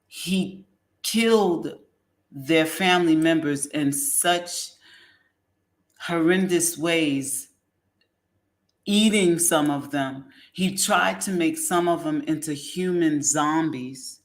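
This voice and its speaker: A woman hosting a casual commentary show, rambling and halting with many ums. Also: low voice. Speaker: host.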